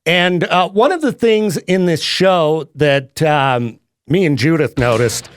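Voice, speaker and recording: A man's voice: a little high, slow, clean tone. A man hosting a radio show, chatting casually and laughing often. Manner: lively, animated, laughs often. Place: radio studio.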